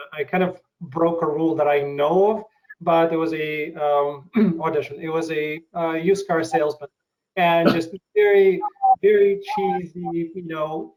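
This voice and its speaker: Halting, thoughtful interview host, man. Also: a little high, highs cut off. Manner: thoughtful, halting, many fillers. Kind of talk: casual interview.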